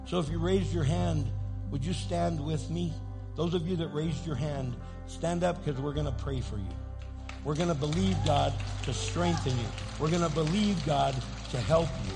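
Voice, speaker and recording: A man's voice: a little high, normal speed, gravelly, over music. A man preaching as pastor, talking plainly to the congregation and rising into fervent calls to pray. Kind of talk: sermon. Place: church sanctuary. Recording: long reverb in a large sanctuary.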